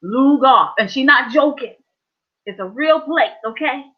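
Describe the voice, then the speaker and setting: A woman, hosting a playful, animated casual chat. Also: sits high, unhurried. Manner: animated, playful, Southern colloquial speech. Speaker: host. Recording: dull lo-fi audio.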